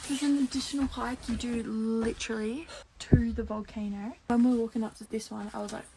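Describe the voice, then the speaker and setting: Young Australian woman, chatty and blunt travel vlogger, slightly high voice, recorded on a phone outside with heavy noise behind. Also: fairly even intonation, a little fast. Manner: chatty, candid, swears freely. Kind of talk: casual vlog chat. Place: outdoors on a windy mountain. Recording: noisy outdoor phone recording.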